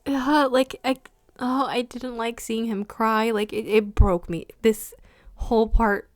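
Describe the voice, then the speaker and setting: A young woman casually reviewing an anime episode, talking excitedly with lots of fillers and bursts of emotion. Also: fairly high pitch, slow pace, dry recording, studio quality. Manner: gushing, excitable, heavy use of "like".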